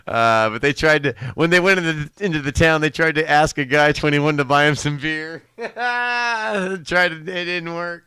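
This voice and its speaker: A man's voice: fairly high pitch, brisk, hardly any pauses, pushed and bright, smooth, no echo. A middle-aged man telling family stories to a live stream, rambling, laughing often and correcting himself as he goes. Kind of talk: casual storytelling to a live stream.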